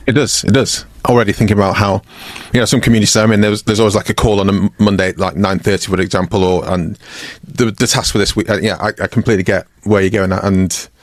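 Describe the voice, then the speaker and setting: A man with a fairly low voice hosts a casual podcast interview. He speaks in a friendly, halting way, with plenty of fillers. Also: steady tone. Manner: friendly, hesitant, many fillers. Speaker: podcast host.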